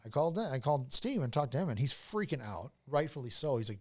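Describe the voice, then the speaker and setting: A man's voice: mid-range voice, very animated, fast. A man as a podcast guest, telling a long casual story with lots of fillers, restarts and swearing.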